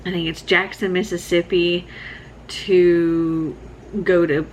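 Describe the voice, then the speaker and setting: Sleepy, slow-talking woman vlogger. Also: on the low side, a little hiss or hum, rough recording. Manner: relaxed, rambling, laughs often. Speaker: book vlogger. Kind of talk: casual vlog check-in.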